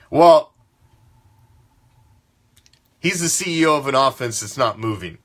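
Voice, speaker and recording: A man hosting a fan sports talk show launches into a commentary rant, profane, fired-up and emphatic. His voice is mid-range with a fairly bright tone.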